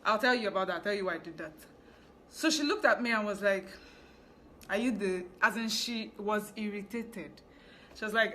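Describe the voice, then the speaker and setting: A young woman with a Nigerian English accent tells a story in a casual vlog, chatty and full of asides. Her voice is bright and sits in a middle pitch. A faint hiss runs under the recording. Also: measured pace, long pauses. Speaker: fashion business owner vlogger.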